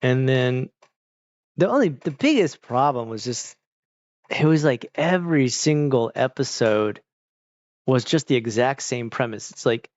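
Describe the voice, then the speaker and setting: A man's voice: mid-range voice, lively intonation, unhurried, dry recording, lo-fi sound. A man chatting casually with viewers on a live stream, rambling and laid-back. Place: home, evening stream.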